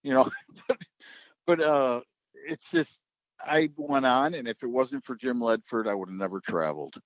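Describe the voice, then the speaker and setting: A man's voice: medium pitch, moderate pace, no echo, muffled recording. A man who works as a drag racing track announcer, telling stories in a casual podcast chat and acting out the voices of the people he quotes.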